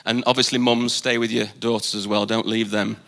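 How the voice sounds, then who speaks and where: Man, pastor, bright voice, emphatic live sermon, repeats key lines. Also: on the low side, level tone, fairly quick, vocal fry. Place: church service.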